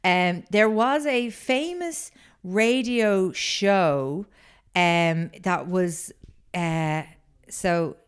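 Woman chatting on a podcast, lowish smooth voice, loads of ums while she tells a story. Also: extremely slow. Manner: rambling storyteller, many fillers. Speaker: podcast co-host telling the story. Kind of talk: casual chat.

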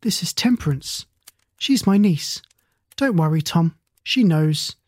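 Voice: mid-range voice, expressive, slow, dry recording. A narrator voicing a worried, kindly middle-aged aunt who speaks in an anxious, earnest way.

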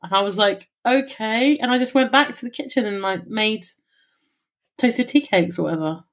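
A woman's voice: a little high, normal speed. A woman, co-hosting a podcast, telling a long story in casual chat and swearing freely. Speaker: podcast co-host.

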